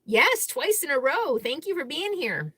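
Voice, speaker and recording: Here a woman with a high, pushed, bright voice hosts a laid-back live Q&A, speaking a little slowly with big swings in pitch and no echo. She's chatty and outspoken, reading viewer comments out loud, answering frankly, and laughing readily as she goes.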